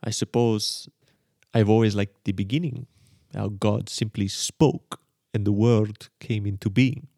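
A man putting on an Israeli accent to voice a thoughtful, calm apostle, speaking slowly and deliberately. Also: vocal fry, no room sound, studio quality. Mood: reflective. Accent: put-on Israeli accent. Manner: slow, deliberate, lower voice.

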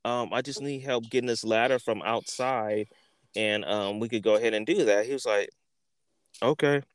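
Guy on a podcast telling a wild backyard story, cussing a lot, smooth clear voice, dry sound. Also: medium pitch, normal speed, no echo. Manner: animated, profane, acts out quotes. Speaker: podcast host. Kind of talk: casual storytelling.

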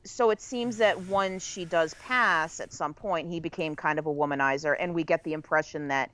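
A woman on a podcast, recapping a movie plot in long, detailed stretches and often slowing down to stress points. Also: low-pitched, a bit bright. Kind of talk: casual movie discussion.

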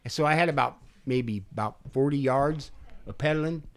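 A man's voice: medium pitch, fairly quick. A man co-hosting a podcast, telling a rowdy, profane story in casual chat and laughing often. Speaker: podcast co-host.

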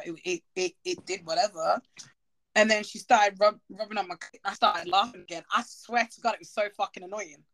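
A woman's voice: fairly high pitch, fairly bright tone. A woman hosting a podcast, telling candid stories in casual chat and laughing often. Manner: giggly, candid storytelling. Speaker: podcast host.

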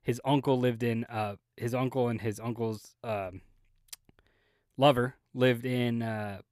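A man's voice: mid-range voice, a little slow, dry recording. Profane man telling a story, dry mic. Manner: profane, animated storyteller who acts out the other people's lines. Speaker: podcast co-host. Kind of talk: casual storytelling.

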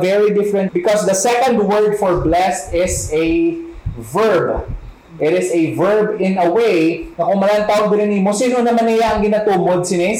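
A man with a Filipino accent delivers a teaching sermon, breaking down words one at a time and posing questions that he then answers himself. His voice sits fairly high for a man. The room around him is echoey. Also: a little mellow, a little hiss or hum. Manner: explains word by word, asks and answers his own questions. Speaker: preacher.

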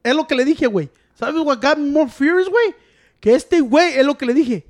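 A man's voice: extremely high pitch, expressive, fast. A man talking heatedly in casual chat, swearing often. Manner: heated, mixes Spanish and English, swears.

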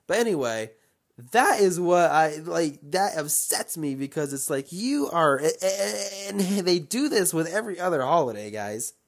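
A man's voice: on the high side, moderate pace. A young man hosting a solo podcast, talking in a casual, rambling way and getting fired up as he rants. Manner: animated, rambling, gets fired up and ranting. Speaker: podcast host.

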